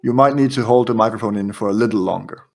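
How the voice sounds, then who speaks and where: A man's voice: fairly low pitch, creaky, darkish tone. Man game-mastering a horror tabletop game. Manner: descriptive narration, quick bursts of detail.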